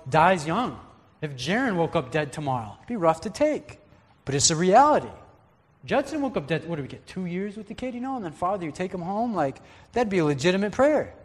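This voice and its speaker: A man preaching a conversational, earnest sermon as a pastor. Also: a little high. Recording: long hall reverb.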